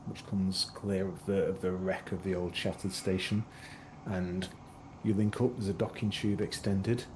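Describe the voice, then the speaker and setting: Game master, male, low voice, rambling narration, noisy background. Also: flat delivery, a little slow, a little mellow. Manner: loose, rambling, heavy on fillers.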